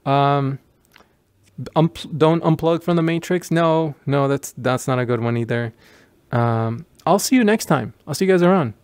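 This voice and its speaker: A man's voice: mid-range voice, unhurried, clear, resonant tone, no echo. A middle-aged man hosting a VR video, rambling casually through his sign-off with many restarts and self-deprecating asides. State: out of breath from moving around. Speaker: VR video host.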